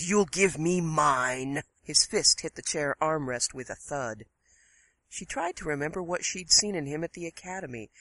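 A woman reading a short story aloud as a guest, with slow, expressive storytelling. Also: a bass voice, dry recording.

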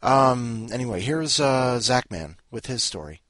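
A man's voice: mid-range voice, lively intonation, unhurried, a bit bright, dry recording. A man hosting a podcast in a rambling, self-interrupting way with wry asides. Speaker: podcast host. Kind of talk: rambling casual chat.

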